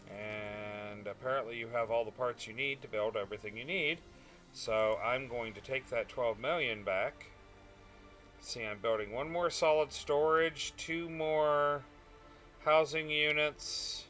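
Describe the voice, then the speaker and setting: With soft background music, a young man streams a space game in a medium-pitched, slightly bright voice, taking things slowly. He chats casually with his viewers and answers chat, often trailing off with "uh" and "um."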